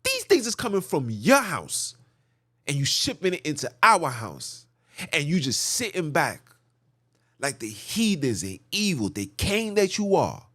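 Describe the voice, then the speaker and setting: Male vlog host, impassioned preachy commentary, highish animated voice, dry close sound. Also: a little slow, dry recording. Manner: preachy, repetitive, rhetorical; mocking asides. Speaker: channel host.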